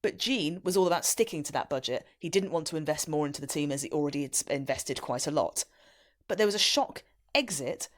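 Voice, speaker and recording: A woman's voice: deep voice, a little fast. A woman co-hosting a casual podcast in a playful, teasing, giggly way. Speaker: podcast co-host.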